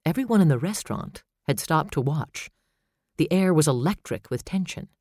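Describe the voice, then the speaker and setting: A man narrating a suspense novel in steady, measured storytelling. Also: fairly high pitch, no room sound, clean studio sound. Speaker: audiobook narrator. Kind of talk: scripted narration.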